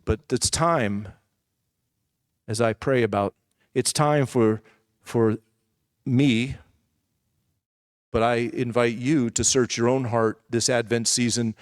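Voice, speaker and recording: A man's voice: mid-range voice, steady tone, slow pace, long pauses, no room sound, studio quality. A man preaching a sermon as a personal testimony, telling his story candidly and conversationally with asides to the congregation. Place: church.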